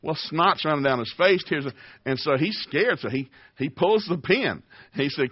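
A man in his sixties preaching a sermon with folksy, animated storytelling. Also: fairly high pitch, normal speed, husky, dry recording. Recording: dull lo-fi audio.

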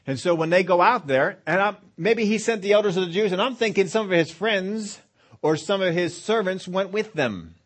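A man's voice: high voice, moderate pace, a bit bright. A man preaching a sermon, retelling scripture and voicing what the people in the story might have said. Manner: storytelling preacher, acting out the centurion's words. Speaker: pastor.

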